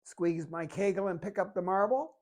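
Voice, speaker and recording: Calm, step-by-step exercise coaching comes from a fitness instructor who demonstrates the moves, using a mid-range voice at a moderate pace.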